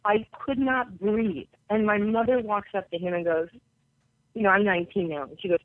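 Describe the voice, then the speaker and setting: A woman's voice: mid-range voice, steady tone, moderate pace, no echo. A woman from New York, a basketball coach and podcast guest, telling personal stories and acting out the voices of people she quotes. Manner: vivid storyteller who acts out quoted voices. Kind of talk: personal storytelling in an interview. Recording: tinny dry phone line.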